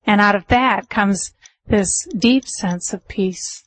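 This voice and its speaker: A woman's voice: medium pitch, no room sound, rough recording. Chatty woman meditation teacher, dry sound. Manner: chatty storytelling with laughs, slowing to a calm measured close. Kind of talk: Buddhist dharma talk.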